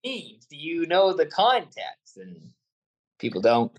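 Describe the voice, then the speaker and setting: A man's voice: a little high, wildly swooping pitch, slow pace, rough recording. A man from Canada, a guest on a sports podcast, chatting casually in a rambling, self-aware way.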